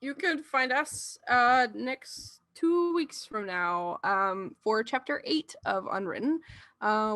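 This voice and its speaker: A woman in casual stream chat with a bright, fairly high voice. She giggles and hesitates, filling gaps with ums. The sound is dry and close. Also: no echo. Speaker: game master.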